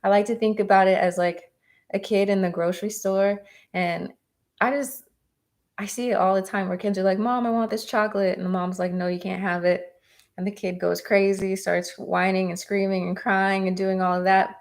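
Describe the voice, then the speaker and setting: Woman, tarot reader on a live stream, encouraging and chatty, with a voice that has a gravelly edge. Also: medium pitch, little pitch movement, moderate pace.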